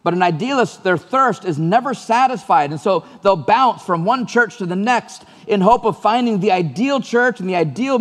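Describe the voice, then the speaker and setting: A man's voice: high voice, big-room sound. A man preaching a sermon as pastor, earnest and conversational, repeating phrases for emphasis.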